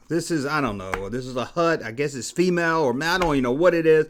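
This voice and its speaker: A man's voice: on the high side, fast, few pauses. A man in his forties with a Southern US accent, hosting a video and ranting bluntly, with emphatic, exasperated repetition, in casual commentary. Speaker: YouTube host.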